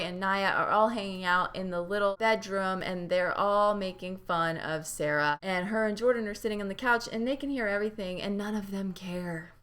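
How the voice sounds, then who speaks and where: A woman's voice: mid-range voice, a bit bright. A young woman recapping a reality show in a casual, profane and rambling way, full of asides and jokes. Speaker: TV recap vlogger.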